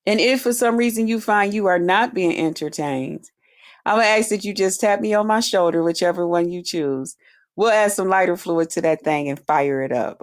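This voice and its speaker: A woman hosting her own channel, ranting casually to subscribers in a profane, confrontational way. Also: medium pitch. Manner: profane, confrontational, drawn-out talk. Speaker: channel host. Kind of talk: casual vlog rant to subscribers.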